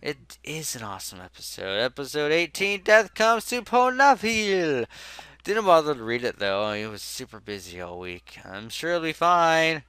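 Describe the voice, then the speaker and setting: A man's voice: medium pitch, big pitch swings, moderate pace, few pauses, pushed and bright, smooth, no room sound. A young man hosting a casual comedy podcast, sarcastic and joking as he reads through a list. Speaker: podcast host.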